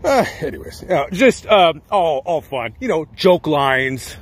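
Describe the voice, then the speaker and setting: Husky-voiced man rambling outdoors. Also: a little high, big pitch swings, measured pace. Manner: rambling, chatty, with joking asides. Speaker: vlogger. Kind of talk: casual storytelling. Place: outdoors at a cemetery.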